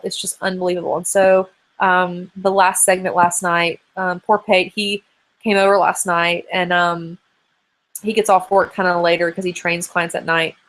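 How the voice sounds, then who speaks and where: Answering viewers' questions during a live online hangout, a thirtysomething host chats and rambles, full of fillers. She speaks with a fairly bright tone on the low side.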